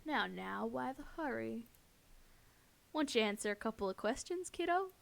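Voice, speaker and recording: A woman voicing a sweetly threatening male stalker who speaks in a slow, lazy drawl. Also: a little high, animated, creaky. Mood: sweetly menacing.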